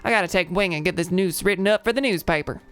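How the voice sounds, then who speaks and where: A woman's voice: fairly low pitch, fast, fairly bright tone, soft background music, natural voice. A woman voicing a chipper male bird reporter from a video game, with a put-on southern drawl and a folksy manner. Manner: folksy, upbeat, calls you partner. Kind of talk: reading game dialogue aloud.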